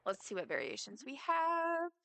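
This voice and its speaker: Girl streamer just yapping while she plays, bright clear voice, real dry sound. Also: sits high, wildly swooping pitch, moderate pace, no echo. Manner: chatty, rambling, self-mocking asides. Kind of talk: casual live-stream chat while gaming.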